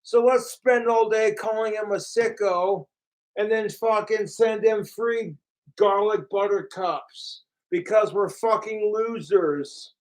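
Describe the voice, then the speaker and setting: A man ranting on a live stream from his apartment, his voice sitting high for a man. He drags his words out slowly, swearing constantly and mocking others as he rambles along. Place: home apartment.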